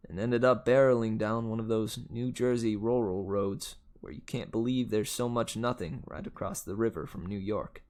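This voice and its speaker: A man reading a novel aloud, with steady first-person narration. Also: fairly low pitch. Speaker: audiobook reader.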